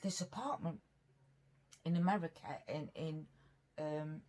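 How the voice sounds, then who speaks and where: Deep and warm, this woman's voice moves a little slowly. She's a British mukbang vlogger making casual, rambling, earnest conversation while eating for her camera.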